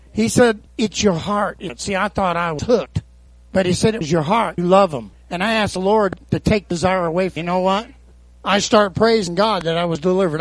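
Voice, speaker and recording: Man, pastor, very high voice, call-and-response sermon, dry close recording. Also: no room sound. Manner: call-and-response preaching, frequent amens and hallelujahs.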